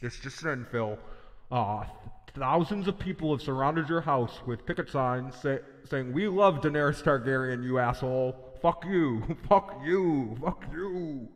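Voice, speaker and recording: A man's voice: medium pitch, measured pace, natural voice. Man doing a mock news announcer, long reverb. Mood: mock urgent. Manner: mock-urgent bulletin delivery.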